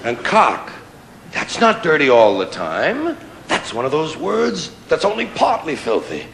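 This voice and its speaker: Man, stand-up comedy routine, fairly high voice, crowd laughing, noisy live recording. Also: measured pace, creaky. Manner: animated, mock-incredulous, playful emphasis. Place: live stage before an audience. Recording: roomy live venue with audience laughter. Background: audience laughter and crowd noise.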